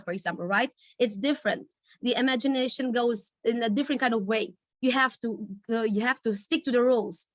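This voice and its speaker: A woman leading a storytelling workshop over a video call, searching for words with many pauses and fillers. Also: fairly high pitch, a bit bright, no room sound, studio quality. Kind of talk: online workshop teaching.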